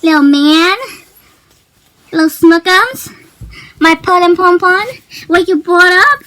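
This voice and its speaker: A woman's voice: extremely high pitch, slow pace, pauses often, sharp tone, slight background noise. A Jamaican woman in her thirties using sing-song baby talk to wake her child at home. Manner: cooing, drawn out, singsong. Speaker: mother. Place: at home, indoors.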